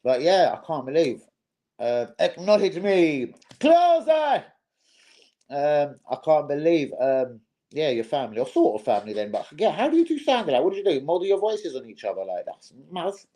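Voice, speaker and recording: A man's voice: fairly high pitch, sing-song, brisk, warm tone, low-quality recording. A young man hosting a casual live stream, swearing freely and calling his viewers "bros".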